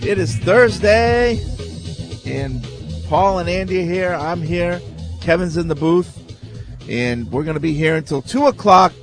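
A man's voice: high-pitched, lively intonation, measured pace, music in the background. A man hosting a sports talk radio show, casual and conversational. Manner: conversational, leading.

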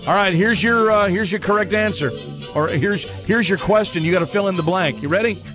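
A man with a high-sitting voice hosts a fill-in-the-blank quiz on a talk show, with music playing underneath. He's playful and teasing, laughing readily with the panel in casual radio banter.

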